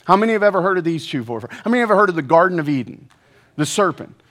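Lively high-voiced male preacher. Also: very fast. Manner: energetic, joking, asks the audience questions. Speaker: pastor. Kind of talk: sermon.

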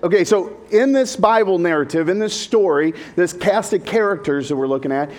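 High-voiced man preaching a jokey sermon. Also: animated, fairly quick. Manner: jokey and conversational, addresses the congregation. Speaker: pastor. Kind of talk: humorous sermon.

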